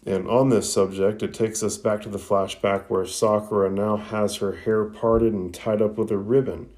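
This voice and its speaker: Male podcast host, low mellow voice, laid-back chatty recap. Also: level tone, normal speed. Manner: conversational, with frequent fillers and crude asides. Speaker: podcast host reviewing an anime episode. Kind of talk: casual recap and commentary.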